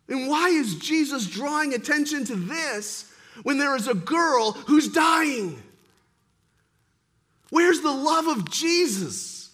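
A man preaching a sermon as pastor, swinging between forceful emphasis and quiet intensity. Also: very high voice.

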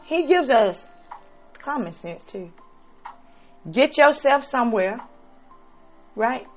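A woman delivers a sermon at a very unhurried pace, her voice sitting a little high. She swings from loud, emphatic lines to soft, hushed ones. Faint music plays underneath. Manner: slow, dramatic preaching with sudden swings between loud and soft. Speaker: preacher.

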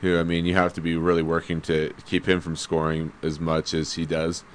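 A man in casual sports chat, explaining his view in a measured way with frequent fillers. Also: low voice, completely flat delivery, a little hiss or hum.

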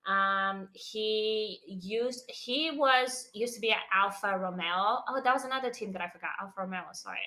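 Bright-voiced chatty woman co-host. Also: medium pitch, normal speed, hardly any pauses. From non-English name, living in London. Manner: chatty, explains with many fillers and laughs. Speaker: podcast co-host. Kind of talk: casual chat.

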